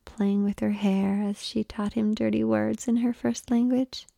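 A woman reads an erotic story in a hushed, unhurried whisper. Her voice is dark and gravelly, recorded close and dry. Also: mid-range voice, little pitch movement, no room sound. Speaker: audiobook narrator.

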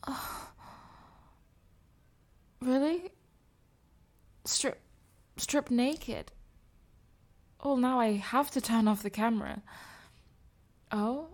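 A woman playing a breathy, flustered young streamer. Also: on the high side. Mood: coy.

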